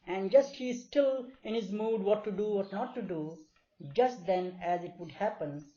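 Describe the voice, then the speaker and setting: A man telling stories to a small group in a gentle, unhurried way, acting out the voices in them. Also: sits high. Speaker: speaker sharing stories of his spiritual master. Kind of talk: informal storytelling talk to a small group. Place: meeting hall. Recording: dull lo-fi recording.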